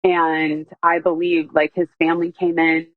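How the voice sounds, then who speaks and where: A woman with a lowish voice tells a personal story in a loose, rambling way, full of fillers and quoted speech. The recording is dry, with a slightly dull, muffled sound. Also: flat delivery, a little slow, no room sound. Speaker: guest telling her story.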